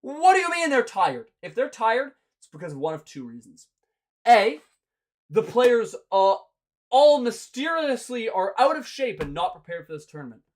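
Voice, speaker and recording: A young man hosts a hockey talk show and rants with open exasperation and sarcasm. His pitch swings widely as he mocks and scolds, and his delivery stays heated and animated. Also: normal speed. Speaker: hockey podcast host. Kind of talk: ranting sports commentary.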